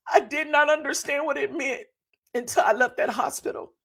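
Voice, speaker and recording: A woman's voice: high voice, normal speed, vocal fry. A woman in her forties hosts a podcast, giving a fervent motivational testimony to viewers in a preacher-like way and repeating phrases for emphasis. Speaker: podcast host.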